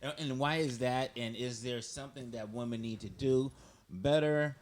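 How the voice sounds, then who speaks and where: A man's voice: medium pitch, normal speed. Man podcast co-host, mid-range voice, asks questions and affirms often. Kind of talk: casual podcast chat.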